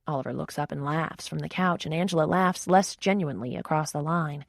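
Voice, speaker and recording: A woman narrating a romance audiobook in the first person, with wry, expressive storytelling. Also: sits low, a little fast, creaky, few pauses, dry recording, studio quality.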